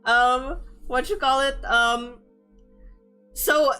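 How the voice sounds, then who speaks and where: Chatty laughing woman, slightly high voice. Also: fairly even intonation, drawn-out words, bright, forceful tone, clear, resonant tone, soft background music. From Philippines. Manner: chatty, laughing, filler-heavy. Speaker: streamer. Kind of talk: casual book discussion.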